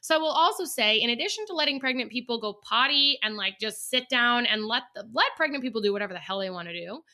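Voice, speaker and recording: Young woman rambling on a podcast, high-ish bright voice, swears a bit. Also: expressive, fast, hardly any pauses. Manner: chatty, rambling, swears casually. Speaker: podcast co-host. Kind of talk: casual chat.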